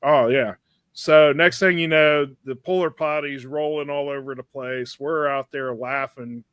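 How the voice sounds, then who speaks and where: A man's voice: on the high side, steady tone, measured pace, fairly bright tone, clear, resonant tone, dry recording. A man co-hosting a podcast, telling a long, rambling, crude anecdote in casual chat. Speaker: podcast co-host.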